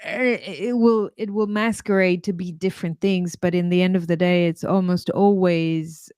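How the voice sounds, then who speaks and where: A woman host speaks in a lowish, smooth, resonant voice, thinking aloud with small restarts. The sound is close and dry, with almost no room around it. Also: fairly even intonation, moderate pace, a little mellow, dry recording. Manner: thoughtful, searching phrasing with restarts. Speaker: podcast host. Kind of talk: reflective interview talk.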